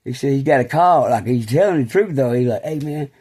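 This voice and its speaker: A middle-aged man telling rambling, casual stories, full of fillers like "man" and "you know," and turning low and quiet when he speaks of faith. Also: lively intonation, a little fast, husky.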